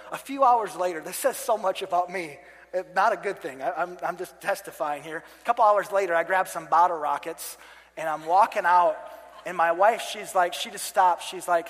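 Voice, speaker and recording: A pastor in his thirties tells a comic story from the stage, animated and self-mocking, acting out quotes and shouting at the peaks. His voice sits fairly high. A long reverb from the big hall trails each phrase. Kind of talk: storytelling sermon.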